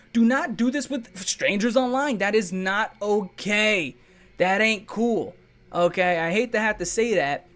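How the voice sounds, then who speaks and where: A man hosting a commentary video, talking bluntly with lots of swearing and repeating his warnings for emphasis. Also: high-pitched. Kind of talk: explainer commentary monologue.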